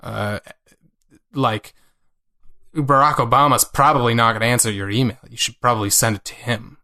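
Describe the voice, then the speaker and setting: A man's voice: medium pitch, fairly even intonation, moderate pace, pushed and bright. Hesitant man with dry podcast humor. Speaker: podcast co-host. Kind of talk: casual podcast chat.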